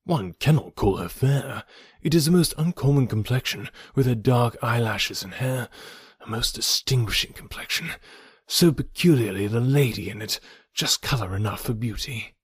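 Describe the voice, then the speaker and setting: A man reading the part of an impulsive, charming young gentleman in a storybook, earnest and effusive. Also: mid-range voice, lively intonation, moderate pace, breathy edge, no echo, clean studio sound. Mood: admiring.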